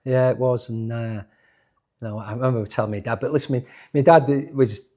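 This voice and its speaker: Here the same sort of speaker, an Englishman around sixty who used to play football, recounts stories during an interview. His medium-pitched voice is mellow and fairly even, and his pace is brisk, with restarts and repeated words along the way.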